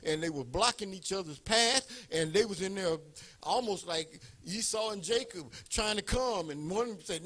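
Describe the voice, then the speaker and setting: A male pastor telling a personal story in a sermon, animated and building up to shouts. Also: high-pitched, normal speed.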